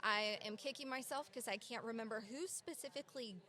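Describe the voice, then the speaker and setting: A woman's voice: a little high, fairly quick, sharp tone. A woman with a Southern US accent, chatting enthusiastically as a guest at a conference interview. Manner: enthusiastic, laughs often. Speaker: company representative guest.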